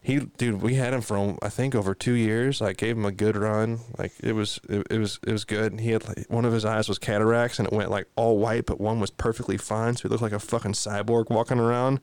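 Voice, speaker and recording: A man's voice: lowish voice, little pitch movement, brisk, few pauses, darkish tone, smooth, no room sound. A young adult man telling a rambling, profane anecdote in casual chat.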